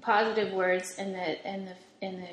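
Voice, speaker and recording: A woman's voice: medium pitch, level tone, moderate pace. A woman co-host who thoughtfully sums up and builds on the guest's points. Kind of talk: reflective interview chat. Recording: echoey room.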